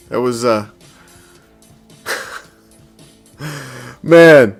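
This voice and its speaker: A man's voice: mid-range voice, expressive, slow, gravelly, pauses often, soft background music. A man hosting a sports fan podcast, ranting in a profane, gloating way and laughing often. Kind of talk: fan reaction rant.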